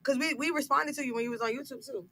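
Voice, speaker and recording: Bright, teasing female co-host. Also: high voice, very fast. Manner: teasing, laughs often. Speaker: radio co-host. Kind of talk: casual radio banter.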